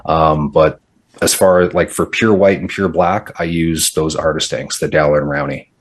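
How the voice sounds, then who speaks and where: A man hosts an easygoing podcast conversation in a very deep voice with a husky edge. He speaks frankly and relaxed, handing the floor to his guests. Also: normal speed. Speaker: podcast host. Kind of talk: casual chat.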